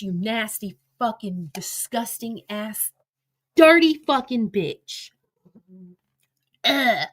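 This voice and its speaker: Fairly high-pitched with a sharp edge, a middle-aged woman's voice drives a combative, profane livestream rant. As host, she speaks directly to her chat and to critics who aren't there.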